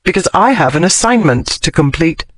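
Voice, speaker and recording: A man's voice: fairly high pitch, expressive, no room sound. Guy doing a sassy young regency lady in an audiobook, lifted voice, dry close sound. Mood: defiant. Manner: crisp, defiant, quick retorts. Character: sharp-tongued young Regency woman journalist. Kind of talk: audiobook character voice.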